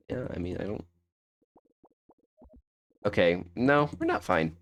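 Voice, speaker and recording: A man's voice: lowish voice, animated, takes it slowly, long pauses. A young man commentating a fighting game on a live stream, thinking aloud in a rambling, self-correcting way.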